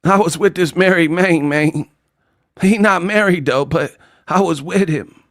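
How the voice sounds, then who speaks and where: A loud, rambling woman boxer blurting through an interview, played by a man mocking her. The pitch is pushed up and the sound is dry and close to the mic. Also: unhurried, dry recording. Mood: brash.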